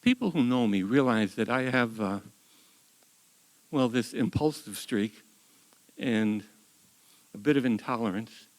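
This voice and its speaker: A man in his seventies from the United States telling a true story on stage at a live story slam, wry and animated, often repeating words as he goes. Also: mid-range voice, measured pace, pauses often, long reverb tail, rough recording. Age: 70s.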